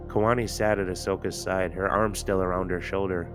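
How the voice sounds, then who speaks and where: Deep-voiced man narrating a story. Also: flat delivery, fairly quick, few pauses, over music. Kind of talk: audiobook narration of fan fiction.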